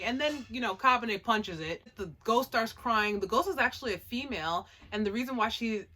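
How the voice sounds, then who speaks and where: A woman casually recapping an anime episode, chatty and animated, with lots of "like" and laughing asides. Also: fairly high pitch. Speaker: anime reviewer.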